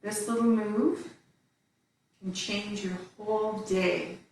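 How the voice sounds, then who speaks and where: A woman teaching tai chi, giving calm cues while she moves through the form. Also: medium pitch, gravelly, distant mic. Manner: calm, slow cues spoken while moving. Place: indoor room with little space. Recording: very echoey room, voice away from the mic.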